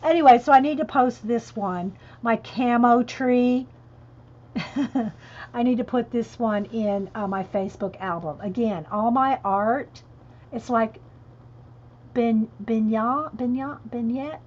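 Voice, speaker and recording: Lady chatting on her stream, kinda high voice, giggly, muffled lo-fi sound. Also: takes it slowly, a little mellow. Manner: chatty, laughing, reads chat aloud. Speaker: coloring livestream host. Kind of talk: casual livestream chat. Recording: dull lo-fi stream audio.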